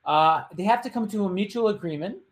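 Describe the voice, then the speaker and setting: A man hosting his own show, casually retelling a true crime story with joking asides and loose, rambling phrasing. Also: sits high. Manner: chatty, loose, with joking asides and quick put-on voices. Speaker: podcast host.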